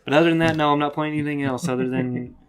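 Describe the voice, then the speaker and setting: A man co-hosting a podcast, telling a story in casual chat and acting out other people's lines loudly. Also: a little high, fast talker, smooth. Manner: animated storyteller, acts out quotes loudly. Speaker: podcast co-host.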